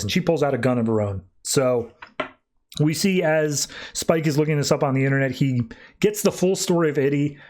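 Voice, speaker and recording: A man hosting a podcast, recapping a comic issue in a casual, animated way with quick quoted voices. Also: medium pitch. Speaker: podcast host.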